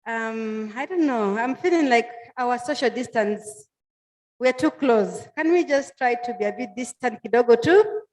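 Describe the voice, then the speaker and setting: A woman's voice: fairly high pitch, animated, measured pace, a little mellow. A Kenyan woman emceeing a public meeting, making friendly, coaxing announcements to the audience. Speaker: master of ceremonies. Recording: echoey hall with faint music.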